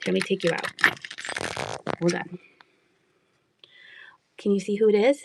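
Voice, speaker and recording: Giggly thrift lady rambling on a live stream, bit of vocal fry. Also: medium pitch, measured pace, pauses often, darkish tone, a little hiss or hum. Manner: chatty, giggly, rambling asides. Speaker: online thrift seller. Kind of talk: casual live-stream selling.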